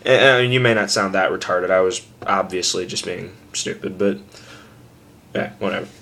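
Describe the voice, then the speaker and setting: A man's voice: low voice, normal speed, creaky, pushed and bright. A young man giving a casual screaming tutorial at home, rambling and cursing freely, joking at his own expense. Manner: rambling, profane, self-deprecating.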